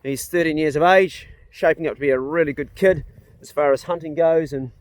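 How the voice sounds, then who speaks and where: A man's voice: fairly high pitch, brisk, dry recording. A middle-aged man from New Zealand chatting casually outdoors on his farm, folksy and rambling, talking to his dogs. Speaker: vlogger and hunter. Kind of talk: casual outdoor vlog chat.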